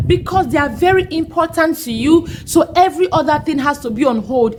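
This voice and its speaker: Earnest woman host, higher voice. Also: expressive, normal speed, few pauses, darkish tone, slight background noise, poor audio. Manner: earnest, emphatic, repeats key points. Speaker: parenting podcast host. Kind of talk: instructional talk.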